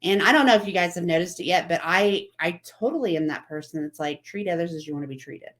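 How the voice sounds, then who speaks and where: A vlog host, a woman, gives a casual motivational talk, repeating herself as she quotes other people. She talks fast in a voice on the low side.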